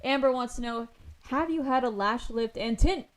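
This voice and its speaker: Woman co-host, slightly high voice, bright upbeat reader of chat questions. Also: moderate pace, low-quality recording. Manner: upbeat, reads viewer messages aloud. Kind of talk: live-stream comedy show.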